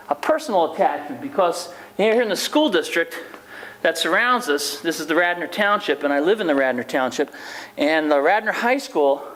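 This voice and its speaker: Speaking with a fairly high, fairly bright voice, a middle-aged man who studies the sociology of sport rambles through a public lecture. He cracks jokes and keeps turning to the audience with chatty asides. The sound echoes through the lecture hall along with some noise.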